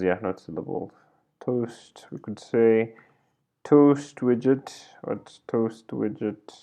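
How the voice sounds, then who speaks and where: Male coding tutor, unhurried and thinking aloud, dull lo-fi screen recording. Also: mid-range voice. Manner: thinks aloud while typing, self-correcting. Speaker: programming tutor.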